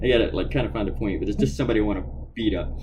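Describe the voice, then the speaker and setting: A man's voice: fairly low pitch, racing, over loud music, rough recording. A middle-aged man, a cartoonist, ranting angrily and profanely while drawing on a live stream. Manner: angry, profane, animated.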